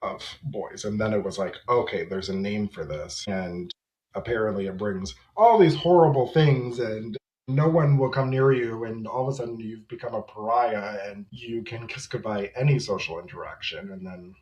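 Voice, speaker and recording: A man's voice: lowish voice, moderate pace, a little mellow, dull audio. A man in his thirties, a guest on a podcast, telling his own story in a reflective, candid way with small laughs. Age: 30s. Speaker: podcast guest, memoir author. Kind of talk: personal storytelling in conversation. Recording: roomy echo.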